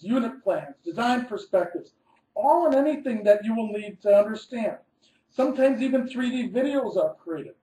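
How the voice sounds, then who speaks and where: Mellow-voiced man presenting in a roomy echo. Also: high-pitched. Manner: methodical, reads through numbered steps and stresses key words. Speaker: architect presenting a webinar. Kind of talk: scripted webinar presentation.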